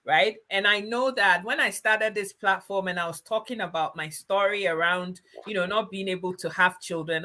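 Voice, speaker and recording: A woman's voice: mid-range voice, steady tone, moderate pace, hardly any pauses, pushed and bright. A woman from Ghana hosting a casual conversation, emphatic and affirming. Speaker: host. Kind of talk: casual chat.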